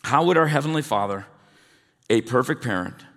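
Middle-aged male pastor, chatty sermon to the congregation, plain mid-pitched voice, long hall reverb. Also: lively intonation, moderate pace, a bit bright. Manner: conversational, asks the congregation questions. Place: church hall.

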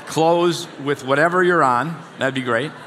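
A man's voice: a little high, a little slow, fairly bright tone, a little hiss or hum. Man preaching a conversational sermon in a hall. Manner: conversational, asks the congregation questions. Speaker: pastor. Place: church hall. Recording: long hall reverb.

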